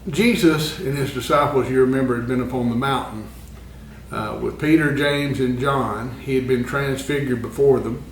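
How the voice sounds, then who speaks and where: A man teaching a Bible lesson in a church classroom, earnest and often pausing with fillers. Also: mid-range voice, a little hiss or hum. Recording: echoey room, far from the mic.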